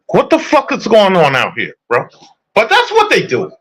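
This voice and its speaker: A young man delivers a heated, profane sports rant, hammering the same points again and again. His voice sits a bit high and swings widely up and down as he talks. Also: huge pitch swings, moderate pace, a bit bright, rough recording. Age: young adult.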